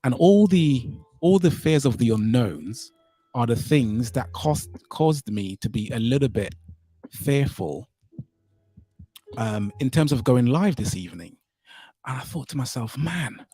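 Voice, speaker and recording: A man's voice: medium pitch, warm tone, slightly rough. A man from Saint Kitts and Nevis hosting a casual live stream, rambling and thinking aloud as he fiddles with his settings. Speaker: livestream host. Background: faint music.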